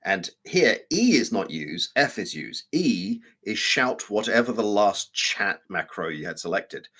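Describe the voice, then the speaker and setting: A man with a low, somewhat husky voice tells gaming stories in a casual live stream chat. His delivery swings up and down with animated energy, and his tone is bright and forward. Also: a little slow. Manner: storytelling, animated and amused. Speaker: co-host. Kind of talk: casual chat about video games.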